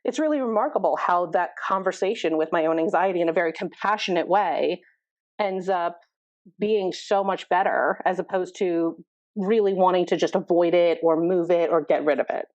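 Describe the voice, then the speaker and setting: A woman's voice: fairly low pitch, moderate pace, darkish tone, dry recording. A middle-aged woman therapist, a podcast guest, explaining thoughtfully with many fillers. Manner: thoughtful, explaining with many likes and you knows. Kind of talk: conversational podcast interview. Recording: dull, dry podcast audio.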